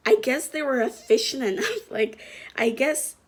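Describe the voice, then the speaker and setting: A young woman vlogger telling a story in a chatty, animated way, full of slang and fillers. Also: high voice, unhurried, slightly rough. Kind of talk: casual storytelling to camera.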